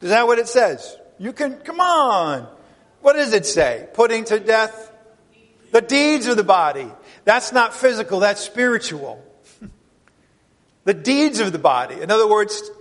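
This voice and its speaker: High-voiced man preaching in a reverberant hall. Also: big pitch swings, unhurried, pauses often, a bit bright. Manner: emphatic preaching with rhetorical questions. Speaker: pastor. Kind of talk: sermon.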